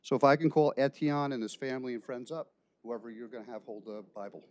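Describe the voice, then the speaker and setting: A man in his sixties, a police chief, giving a formal prepared speech at a council meeting in a measured, ceremonial way with deliberate pauses. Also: medium pitch, a little hiss or hum.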